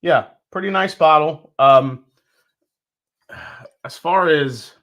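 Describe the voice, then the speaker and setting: A man's voice: on the high side, takes it slowly, a bit bright. A man hosting a live stream, from New York, chatting casually and greeting viewers one by one. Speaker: host.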